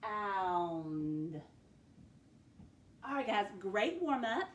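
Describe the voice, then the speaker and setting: A woman's voice: mid-range voice, expressive, measured pace, slight background noise. A woman teaching a phonics lesson to children, patiently sounding out words letter by letter.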